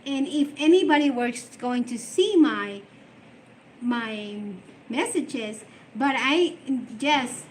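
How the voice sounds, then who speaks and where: High-voiced middle-aged woman streaming live. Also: expressive, slow pace, a little hiss or hum. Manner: emotional, rambling, with restarts. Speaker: live streamer reading viewer comments. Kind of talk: casual live stream chat.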